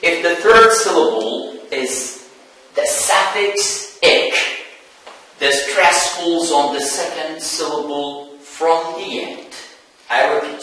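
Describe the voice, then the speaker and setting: A man teaching an English lesson, speaking slowly and repeating key words for his students. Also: on the high side, bright, forceful tone. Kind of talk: televised classroom lesson. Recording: echoey room, voice from far off.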